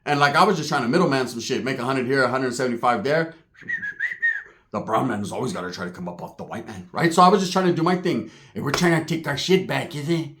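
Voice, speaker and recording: A man's voice: mid-range voice, expressive, fast, fairly bright tone. A man telling a street story in a casual, profane way, laughing and acting out the people in it. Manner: streetwise, profane, laughing, acts out other voices.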